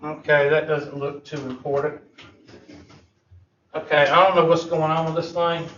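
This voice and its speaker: Picked up by a distant room mic, this man teaches math with folksy jokes and drawled Southern phrasing. His pitch sits fairly high with little movement, his pace is moderate, and his tone is a bit bright. The classroom audio is echoey and muffled, with a faint hiss or hum.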